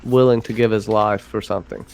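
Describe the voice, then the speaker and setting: A man appearing as a guest in a casual TV review chat, relaxed and speculative. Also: fairly low pitch, a little fast, vocal fry. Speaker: guest content creator.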